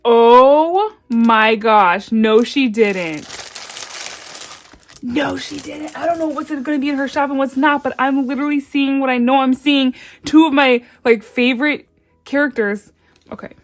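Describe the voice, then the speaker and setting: A woman chatting casually in her vlog, bubbly and excitable, gasping and squealing over packages. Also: high-pitched, normal speed. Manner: murmured counting of cash. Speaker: budgeting vlogger.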